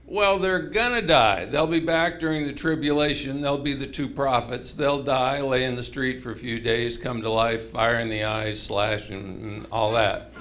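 A man's voice: medium pitch, normal speed, hardly any pauses. A man preaching a humorous mini-sermon to a chapel congregation, telling stories animatedly with voices. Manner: animated, jokey storytelling with voices.

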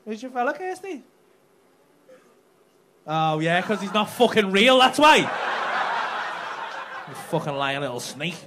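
A man's voice: high voice, very animated, unhurried, long pauses. A male stand-up comedian doing brash, profane crowd work on a comedy club stage with a handheld mic. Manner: brash, profane teasing banter. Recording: live club recording with background noise.

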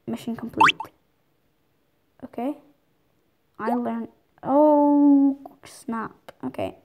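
A woman giving rambling, excitable commentary over her own gameplay, talking to herself as she plays. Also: fairly high pitch, drawn-out words, pauses often. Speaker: gaming video creator.

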